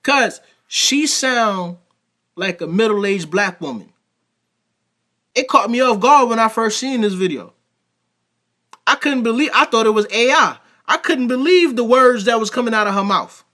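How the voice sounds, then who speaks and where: A man's voice: high-pitched, animated, normal speed, sharp tone. A man hosting a reaction video, commenting in a blunt, emphatic, casual way.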